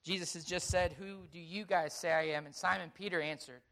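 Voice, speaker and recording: A man, a pastor, preaching a sermon that opens with a lively personal story told through quoted dialogue. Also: high voice, fairly quick, few pauses. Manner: storytelling, animated, quoting others in dialogue.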